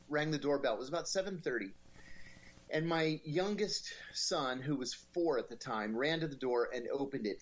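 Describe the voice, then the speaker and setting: A middle-aged man talks as a guest on an interview show. His delivery is wry and lively, and he slips into little acted voices for the people in his stories. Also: a little high. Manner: wry, animated storytelling with quoted voices. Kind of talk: storytelling in an interview.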